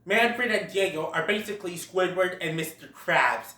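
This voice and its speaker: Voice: medium pitch, normal speed, sharp tone, slight background noise. A film reviewer recapping scenes in a casual way, often breaking into laughter. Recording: roomy sound, far from the mic.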